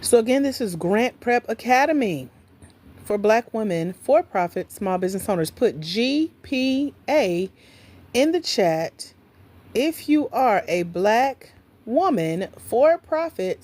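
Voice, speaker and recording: Lively, chatty woman livestream host. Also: mid-range voice, slow. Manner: chatty, playful, talks straight to viewers. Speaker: livestream host, grants coach. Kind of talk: casual livestream chat.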